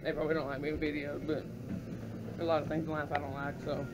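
A man's voice: a little high, level tone, fast talker. A man vlogging casually to a handheld camera outdoors, joking and teasing the people around him. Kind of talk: casual vlog chat. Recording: dull lo-fi camera audio with clear background noise.

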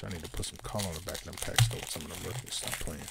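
A man hosting a card break, casually calling out players with slangy, excited remarks and muttered asides. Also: sits low, fast, vocal fry, heavy background noise. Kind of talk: casual card-opening commentary.

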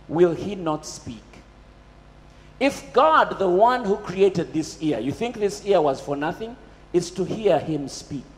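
Male preacher, emphatic and questioning, lively delivery, echoing hall. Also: high-pitched, slight background noise. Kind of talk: sermon.

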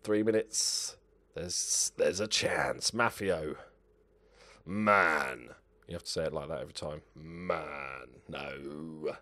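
A man's voice: rumbling low, measured pace, a bit bright. A young man playing a football management game, muttering to himself and swearing at his players as he comments. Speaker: gaming channel host.

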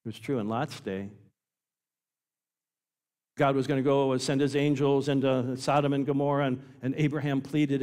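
A man preaching a sermon as pastor, emphatic, swinging between loud passages and quiet ones. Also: medium pitch, level tone, normal speed, big-room sound. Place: church sanctuary.

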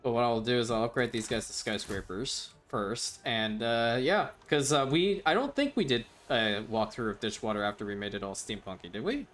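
A man's voice: medium pitch, moderate pace, few pauses, fairly bright tone. A man hosting a gaming channel, chatting loosely over his gameplay with plenty of fillers and chuckles. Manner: rambling, with frequent fillers and chuckles. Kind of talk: casual gameplay commentary.

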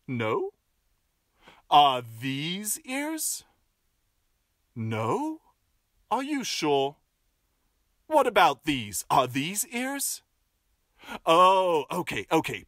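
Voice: medium pitch, huge pitch swings, very slow, pauses often, a bit bright, no room sound, clean studio sound, full character voice. A storyteller voicing a cunning wolf disguised as a grandmother, hamming it up playfully. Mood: sly.

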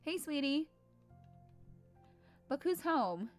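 A woman's voice: high-pitched, big pitch swings, slow pace, faint music behind, pitched above the performer's own voice, heavily acted. A woman voicing a doting video-game mother, sweet and affectionate in a raised voice. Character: warm doting mother greeting her grown daughter.

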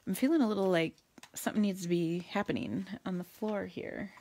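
A woman's voice: mid-range voice, brisk, dark tone. A woman hosting a casual live card-making demo, chatty and goofy, talking to viewers and muttering to herself as she works.

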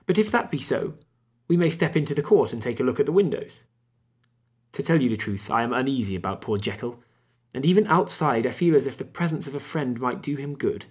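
A man voicing an urgent Victorian gentleman lawyer in a husky, raised voice. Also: mid-range voice, lively intonation, brisk, pitched above the performer's own voice. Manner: eager, raised voice.

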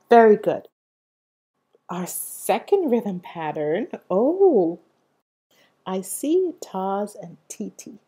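With a mellow, mid-range voice that has a breathy edge, a young woman sing-songs her way through a music lesson for little kids. She's slow, cheerful and encouraging, using call-and-response prompts so they'll say rhythms along with her.

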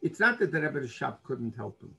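A man's voice: mid-range voice, big pitch swings, fairly quick, creaky, pushed and bright, slightly rough, low-quality recording. A man, a rabbi, teaching a Torah class through earnest storytelling, dropping in Hebrew and Yiddish terms.

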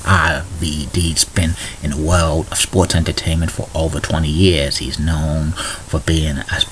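A man with a deep, low-pitched voice hosts a casual morning video blog. He runs through news items and trivia in a plain, chatty read and stumbles into small restarts now and then. A faint hum of noise sits under his voice. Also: little pitch movement, a little slow, a bit bright. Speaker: video blogger.

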